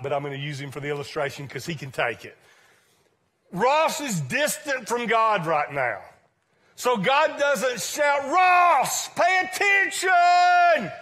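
A male pastor preaching a sermon to his congregation in a church, conversational and emphatic, swinging from loud points to quiet asides. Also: high voice.

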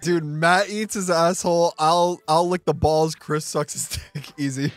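A man's voice: fairly high pitch, steady tone, unhurried. A drunk man chatting while playing a party game with friends, crude and rowdy with sudden outbursts. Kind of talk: drunk gaming chat.

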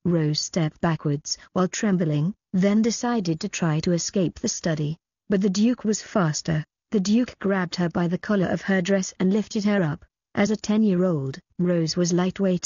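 A woman narrating an audiobook in a quick, even storytelling manner. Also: on the low side, husky, no echo, dull audio. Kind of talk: scripted narration.

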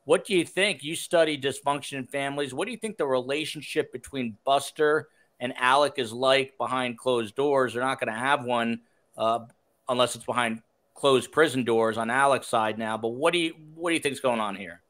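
A man's voice: mid-range voice, moderate pace, a bit bright. A man from New Jersey hosting a podcast, reading listener questions in a chatty, self-deprecating way. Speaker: podcast host.

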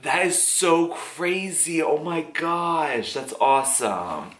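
Gushing, shrieking man reacting loudly. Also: fairly high pitch, sing-song, takes it slowly. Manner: gushing, profane, shrieking exclamations. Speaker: YouTube reaction host. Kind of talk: music video reaction. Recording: roomy echo with loud music. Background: loud music video playing.

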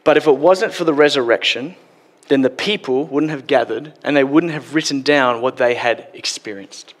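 A man's voice: medium pitch, moderate pace. A man preaching a sermon in a church, casual and joking, acting out quotes as he goes. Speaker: pastor. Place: church hall. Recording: long hall reverb.

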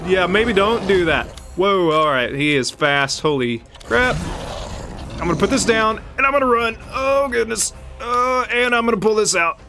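A man giving chatty, excitable let's play commentary, yelping and laughing while he talks to the enemy on screen. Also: high-pitched, normal speed, background noise. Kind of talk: live gameplay commentary.

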